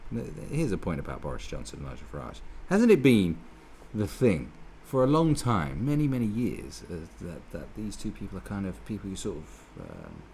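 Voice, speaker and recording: Gravelly, sweary man ranting. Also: low voice, wildly swooping pitch, moderate pace, few pauses, darkish tone, slight background noise. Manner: sweary, sarcastic, rambling with many restarts. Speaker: political commentator. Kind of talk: ranting monologue.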